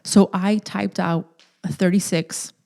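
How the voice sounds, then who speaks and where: Mellow-voiced young woman, candid confession. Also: fairly low pitch, fairly even intonation, takes it slowly, gravelly. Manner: candid and emotional, lots of "like" fillers. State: nervous, close to tears. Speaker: podcast host. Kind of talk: confessional personal storytelling.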